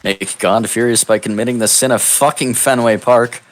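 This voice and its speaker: A man narrating an improvised comedic text adventure in a deadpan, mock-epic storybook manner over a voice call. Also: medium pitch, normal speed. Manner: deadpan, absurd storybook delivery. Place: online voice call.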